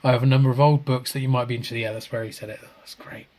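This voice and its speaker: A man with an ordinary mid-range voice co-hosts a relaxed podcast over a video call. He reads viewer comments aloud with frequent chuckles, and he trips over and restarts his sentences. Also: medium pitch, racing. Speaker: podcast co-host. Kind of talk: casual chat, reading out viewer comments.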